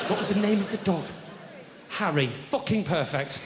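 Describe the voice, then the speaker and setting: A man doing stand-up comedy, telling deadpan stories with sudden shouted outbursts on a theatre stage. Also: sits high, moderate pace. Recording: live stage mic in a big hall with loud audience noise.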